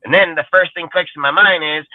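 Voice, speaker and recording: A man's voice: on the high side, fairly quick, no echo. A man co-hosting a sports fan podcast, ranting in a heated, profane, casual way. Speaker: podcast co-host. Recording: tinny phone-like sound, dry.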